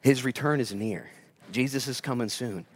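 Guy preaching a sermon, chatty storytelling, gets quiet then fired up, mid-pitch voice. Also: moderate pace, breathy edge. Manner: conversational storytelling, jumps between hushed asides and excited bursts. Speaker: pastor.

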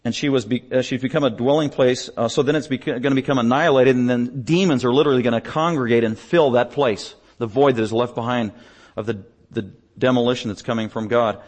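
A man preaching a sermon as pastor, emphatic, building up in pitch and volume on repeated lists. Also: steady tone, fast talker, a little mellow.

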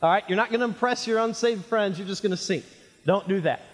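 A male pastor preaching a sermon, animated and jokey, calling his listeners friends. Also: high-pitched, quick pace, soft background music. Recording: reverberant hall.

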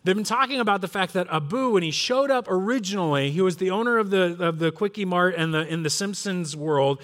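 A man's voice: high voice, a little fast. A middle-aged male pastor from Southern California preaching a sermon, telling stories and acting out family members' voices. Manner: storytelling, animated, acts out voices of family.

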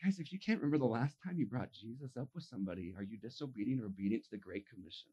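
A man preaching a sermon, telling stories and acting out the voices of the people in them, dropping to a hush and then rising to a shout. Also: medium pitch, animated, racing, breathy edge. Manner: acts out voices in his stories, swings from hushed to shouting. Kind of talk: animated sermon storytelling.

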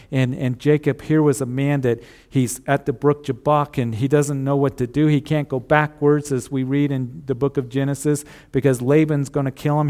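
A man preaching a sermon, earnest and steady, repeating key phrases and dropping to a hush on solemn lines. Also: mid-range voice. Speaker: pastor.

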